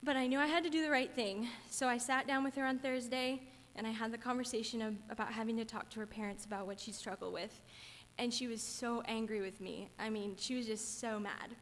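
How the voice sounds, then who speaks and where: Young woman, earnest testimony, slightly high voice, church hall reverb. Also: steady tone, fairly quick, fairly bright tone, a little hiss or hum. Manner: earnest, chatty, gets teary. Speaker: camp counselor giving testimony. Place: church sanctuary.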